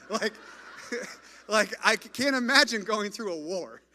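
A man's voice: high voice, lively intonation, a little slow, pushed and bright. A man on a stage, telling a mission trip story in a chatty way, full of "like" and restarts. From United States. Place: stage in front of an audience.

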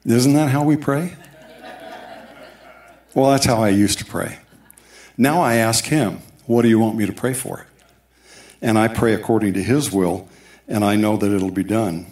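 Guy preaching a testimony in church, lowish voice, tells it like a story with little asides, echoey room. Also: fairly even intonation, a little slow, long pauses, darkish tone. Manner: storytelling with asides and quoted dialogue. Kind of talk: sermon testimony. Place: church sanctuary.

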